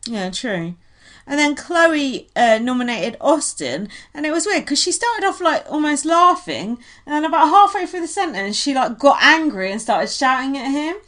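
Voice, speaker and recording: A high-voiced woman chatting casually as a co-host, her pitch leaping around as she retells the gossip. She talks in an animated way and drops into quoted voices mid-sentence. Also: normal speed. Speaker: podcast co-host. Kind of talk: casual chat recapping reality TV.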